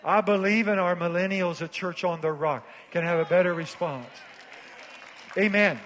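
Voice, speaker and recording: A man pastor preaching a sermon, swinging from hushed, low phrases to shouted climaxes. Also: normal speed, some chatter behind, a little hiss or hum. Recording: long church hall reverb.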